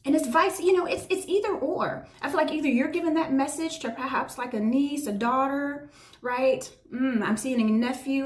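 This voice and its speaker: A woman gives a tarot reading in an effusive, heartfelt monologue, often tagging her points with a quick "right?". Her voice sits a little on the high side. The sound has a roomy echo. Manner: effusive, emotive, frequent "right?" asides. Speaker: tarot reader. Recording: echoey room.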